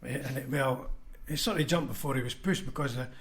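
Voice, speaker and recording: A man's voice: medium pitch, a little fast, fairly bright tone. A Scottish man, a former union convener, telling blunt anecdotes in a casual podcast chat and acting out what others said. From Scotland. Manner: anecdotal, blunt, acts out quoted voices.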